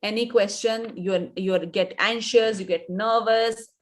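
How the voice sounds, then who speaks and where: Her mid-range voice keeps a fairly even intonation and a measured pace. She is an image coach in her thirties with an Indian English accent, offering instructive advice in a live webinar and repeating points to emphasize them.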